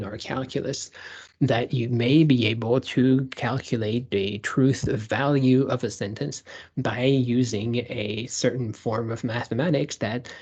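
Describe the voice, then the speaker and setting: A man's voice: mid-range voice, a little mellow, slightly rough, dull audio. A man lecturing over slides in a discursive way, with fillers and restarts.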